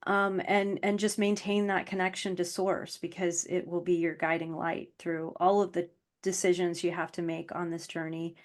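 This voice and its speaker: Low, even-voiced woman guest. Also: normal speed. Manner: heartfelt, earnest, with frequent ums. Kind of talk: casual interview chat.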